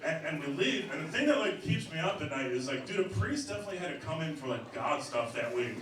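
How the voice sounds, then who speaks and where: A man's voice: on the high side, expressive, quick pace, a bit bright. A young man doing stand-up, telling a long story loosely with many fillers, on stage before a crowd. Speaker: stand-up comedian. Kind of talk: stand-up set. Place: comedy club stage before a laughing crowd. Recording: very echoey, noisy club from a distance.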